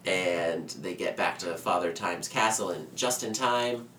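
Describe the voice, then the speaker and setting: Lowish-voiced guy joking around on a podcast, sounds far off in an echoey room, faint hiss behind. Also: unhurried. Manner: joking, animated retelling with mock quotes. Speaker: podcast co-host. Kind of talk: casual chat reviewing a holiday special. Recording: roomy, distant mic, faint background noise.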